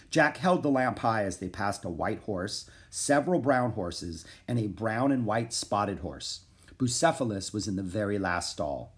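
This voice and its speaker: Man reading a children's story. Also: fairly low pitch. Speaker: audiobook reader.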